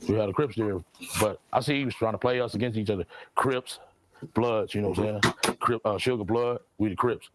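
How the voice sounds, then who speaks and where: A man recounting past events in an interview, in halting speech that repeats words and acts out quoted dialogue. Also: fairly low pitch, fairly bright tone, rough recording. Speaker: interview guest.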